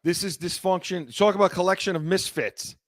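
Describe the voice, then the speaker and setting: A man's voice: high-pitched, brisk, no echo, studio quality. A man co-hosting a casual sports talk show, blunt and stammering, repeating words when heated. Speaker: co-host.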